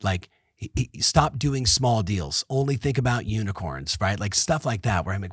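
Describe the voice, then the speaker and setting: A middle-aged man hosting a podcast, giving an energetic motivational business talk that repeats points and speaks straight to listeners. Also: lowish voice, normal speed, slightly rough, no echo, studio quality. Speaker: podcast host and business coach.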